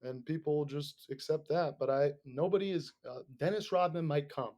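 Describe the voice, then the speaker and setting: A man's voice: on the high side, normal speed, a little mellow. A man hosting a podcast, ranting casually in a rambling, sarcastic, profane way. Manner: rambling, sarcastic, swears a lot. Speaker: podcast host.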